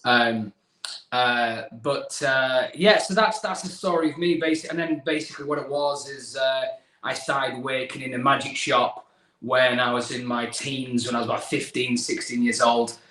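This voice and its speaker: A man's voice: mid-range voice, steady tone, moderate pace, bright, forceful tone, echoey room, rough recording. A young English man, a magician guest on a video call, telling his story in a chatty, self-deprecating way with many restarts. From England. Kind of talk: casual video-call interview.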